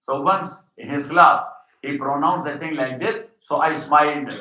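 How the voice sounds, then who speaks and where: Bright-voiced man teaching in an echoey mosque. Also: fairly high pitch. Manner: explains slowly, often checks with "Got it?"; recites Arabic passages quickly. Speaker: religious teacher. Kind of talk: classroom lecture. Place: mosque hall. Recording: dull, echoey mosque hall.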